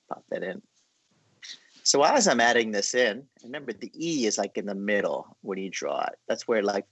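A man leads a relaxed drawing class, talking viewers through each stroke in a chatty, encouraging way. His pitch moves a lot as he talks, and the recording is close and dry with no room sound. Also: no echo. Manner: chatty, encouraging, filler-heavy explaining. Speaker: art class host. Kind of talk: casual drawing lesson.

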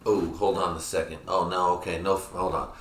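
Young male podcast host, low-pitched, crude and rambling, recorded in an echoey room. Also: flat delivery, fairly quick, fairly bright tone. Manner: crude, rambling, laughing at own jokes. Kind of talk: casual solo podcast rant. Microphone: computer mic.

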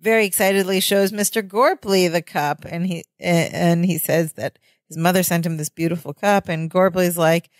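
A woman's voice: lowish voice, steady tone, dry recording. A woman co-hosting a podcast, chatting casually as she recaps a sitcom episode. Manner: chatty, fillers and quick asides. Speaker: podcast co-host.

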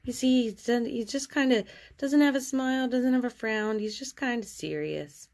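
A woman artist cheerfully and gently chatting through her sketches in a casual show-and-tell. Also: fairly high pitch, normal speed.

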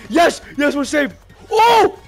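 A young man giving loud, excited commentary while playing a game with a friend, repeating phrases and shouting often. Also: high voice, fast, soft background music. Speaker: gaming channel host.

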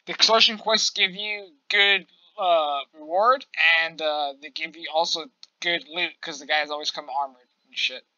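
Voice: mid-range voice, pushed and bright, no echo, lo-fi sound. A gameplay channel host giving casual let's-play commentary, talking straight to viewers and swearing freely when exasperated. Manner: profane, quickly exasperated, talks to viewers.

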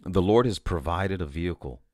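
Animated and a little mellow, a low-pitched man delivers a loose, chatty sermon describing a vision, speaking at a moderate pace. Restarts, repeated words and frequent "you know"s fill his talk. The sound is clean studio audio without any room sound.

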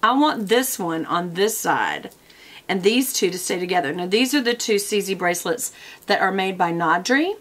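A woman's voice: medium pitch, lively intonation, moderate pace, a bit bright. A woman, talking casually to camera from her desk as a product vlogger, chatty and wandering off on tangents.

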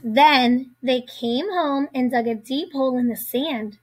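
A woman with a high, bright-sounding voice reads a picture book to young listeners. She takes her time over every line, gentle and deliberate, in a classic read-aloud manner. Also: breathy edge. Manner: gentle, deliberate storybook delivery. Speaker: storyteller reading to children.

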